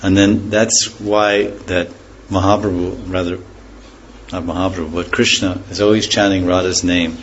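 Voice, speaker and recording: A man giving a scripture class, speaking in an unhurried, reflective way, pausing to explain terms and letting phrases trail off softly. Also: low-pitched, little pitch movement, dull audio, a little hiss or hum. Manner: pauses to explain words and terms. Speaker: spiritual teacher.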